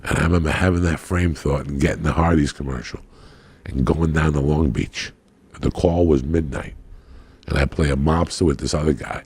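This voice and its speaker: A man telling a profane, animated story as a podcast guest, acting out the people in it. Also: extremely low pitch, normal speed, slightly rough. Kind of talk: casual storytelling.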